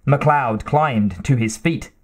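A man reading an audiobook aloud in expressive, measured narration. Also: mid-range voice. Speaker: audiobook reader. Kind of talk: scripted narration.

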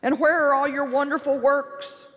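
A woman's voice: high-pitched, fairly even intonation, moderate pace, a bit bright. A woman preacher voicing a timid young man who feels worthless, in a whiny, wimpy pleading voice, heard in a large reverberant hall.

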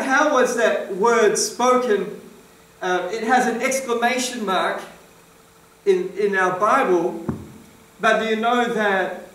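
A man preaches a sermon in a church hall, emphatically questioning his congregation. His high voice sounds pushed and bright, picked up by a distant mic with roomy echo.

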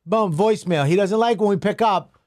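A middle-aged man, co-hosting a podcast, teasing his partner loudly and swearing in casual banter. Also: high voice, brisk. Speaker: podcast co-host.

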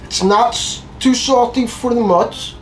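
A man's voice: extremely high pitch, unhurried, poor audio. A man hosting a cooking show, bantering in a joking, teasing way. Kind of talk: casual banter.

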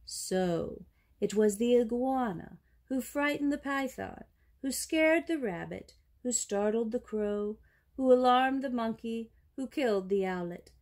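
A woman voicing a stern male lion king in a storybook reading, speaking in a measured, commanding way. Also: fairly high pitch, expressive, darkish tone, voice pushed up.

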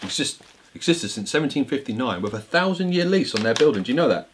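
A man's voice: medium pitch, big pitch swings, quick pace, background noise. A young man from Britain co-hosting a snack tasting vlog, chatting casually and telling jokey, rambling stories. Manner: jokey, teasing, rambling storyteller. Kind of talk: casual chat.

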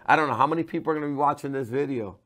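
A man, a pastor, giving a devotional sermon to camera, moving from hushed, earnest talk to loud, pleading cries. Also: fairly high pitch, rapid-fire. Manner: passionate, swings from hushed to loud cries when quoting.

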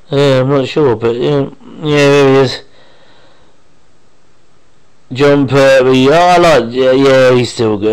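A man chats over an episode he loves, in a voice of ordinary middle pitch. He rambles happily, drops half-finished thoughts and doubles back. It sounds like a relaxed fan commentary recorded on a home microphone. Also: rough recording. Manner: rambling and enthusiastic, with trailing half-sentences. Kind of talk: casual watch-along commentary.

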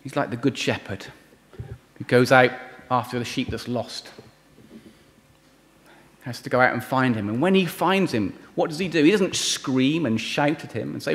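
A man preaching a sermon and leading prayer, earnest and pleading, often dropping to a soft voice on key words. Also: mid-range voice, expressive, moderate pace. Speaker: visiting preacher. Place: church hall. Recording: reverberant hall.

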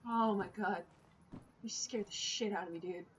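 A young woman playing a video game with a friend, excitable and swearing, shrieking when startled. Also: medium pitch, normal speed, a little hiss or hum. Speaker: gamer, co-host. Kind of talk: let's-play banter.

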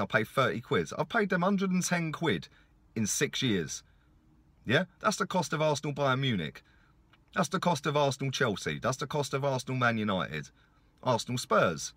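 A man's voice: medium pitch, a bit bright, slightly rough, no echo. A middle-aged man, ranting furiously in a sweary vlog monologue and punctuating points with "yeah?". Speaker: football fan vlogger.

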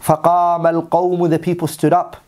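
A man's voice: fairly high pitch, monotone, fast, darkish tone. A man teaching a religious story as a sermon, reading Arabic passages and then translating and repeating them in English. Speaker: Islamic teacher.

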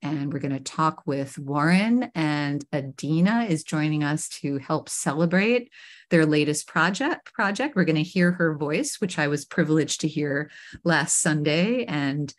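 A woman's voice: deep voice, animated, a little slow. A woman from Queens hosting a live online talk show over a video call, enthusiastic and effusive, often restarting her words. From Queens, New York. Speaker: host.

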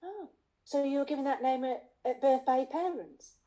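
A woman's voice: high-pitched, moderate pace, warm tone, natural voice. A woman playing a polite, hesitant casting director on a video call in a comedy sketch. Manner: polite, hesitant, many ums.

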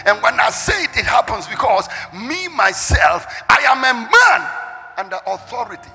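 A pastor in his sixties from Ghana preaching a sermon with fervour, breaking into shouts and half-sung phrases. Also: sits high, expressive, moderate pace, creaky. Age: 60s. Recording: echoey hall with faint music.

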